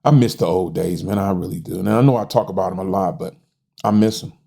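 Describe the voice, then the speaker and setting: A man's voice: deep voice, quick pace, gravelly, warm tone. A middle-aged American man in a casual monologue, frustrated and folksy, often stumbling over repeated words and tossing in "man". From United States. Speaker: host.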